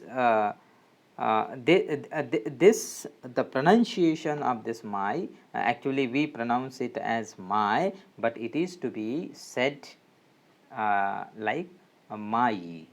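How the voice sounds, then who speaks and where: A man with an Indian English accent teaches English pronunciation, speaking very slowly and pausing often. His pitch swings widely as he stresses each sound, and he stops and restarts his sentences often. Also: lively intonation, a little mellow. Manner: slow, hesitant, many fillers and restarts. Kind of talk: phonetics lesson.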